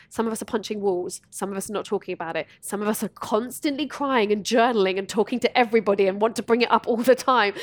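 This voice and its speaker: Brief: woman, podcast host, fairly high pitch, animated storytelling delivery, dry close mic. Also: brisk, dry recording. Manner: lively, acts out other people's lines. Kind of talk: casual conversation about grief.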